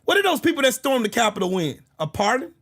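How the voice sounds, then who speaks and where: A man with an unusually high, piercing voice delivers a combative political rant on his own channel. His tone is bright and sharp, and he keeps cursing and breaking into shouts. The rant is relentless and confrontational throughout. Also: big pitch swings, fast. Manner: profane, combative, bursts into shouting. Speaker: political commentary channel host.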